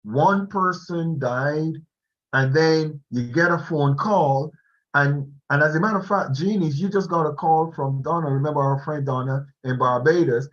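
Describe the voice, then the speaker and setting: A man giving a slow, animated motivational talk to an online class on a video call, laughing often as he speaks. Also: on the high side, muffled recording.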